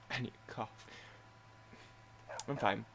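A man's voice: lowish voice, takes it slowly, creaky, a bit bright, slight background noise. A young man rambling and chatting with himself as he plays a video game and comments on it. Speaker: gaming channel host. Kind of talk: gameplay commentary.

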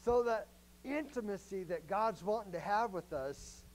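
A man's voice: sits high, lively intonation, a little slow, darkish tone, a little hiss or hum, low-quality recording. A man preaching a sermon as a pastor, in a conversational, joking way and often asking the congregation questions.

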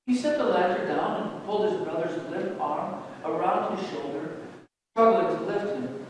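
A man, a pastor, reading a story aloud in a steady, measured way during a church service. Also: high voice, recorded from a distance, a little hiss or hum. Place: church sanctuary. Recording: echoey church hall from afar.

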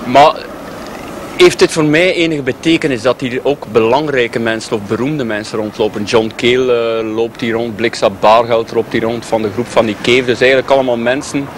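A man's voice: medium pitch, steady tone, brisk, slight background noise. Reflective man in an interview. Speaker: festival performer interviewed.

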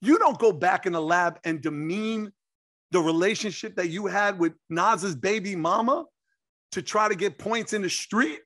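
A man, telling an animated story as an interview guest and acting out quotes. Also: sits high, moderate pace. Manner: excitable, acts out quotes, laughs.

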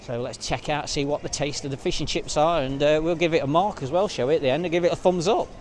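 A chatty man with a slightly high voice, vlogging casually to a handheld camera outdoors. He rambles with lots of filler words while faint street and traffic noise hums behind him. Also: fast talker. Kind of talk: casual walking vlog. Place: outdoors at a seaside resort street.

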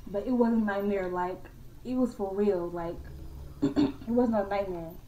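A young woman casually telling a true ghost story to her viewers, slangy and animated, calling them y'all and acting out her own scared voice. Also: medium pitch, unhurried, recorded from a distance, lo-fi sound, a little hiss or hum. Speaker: vlogger. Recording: echoey room from off-mic.

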